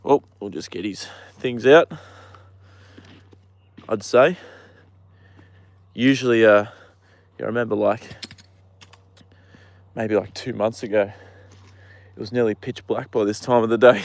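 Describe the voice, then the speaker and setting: A man's voice: on the low side, takes it slowly, pauses often, no echo. A man hosting a casual live stream outdoors by a horse paddock, rambling and answering viewer comments, with the odd swear word.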